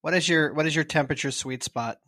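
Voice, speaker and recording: Higher-voiced man co-host, dry sound. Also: fast talker, a bit bright, no room sound. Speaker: podcast co-host. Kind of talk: casual conversation.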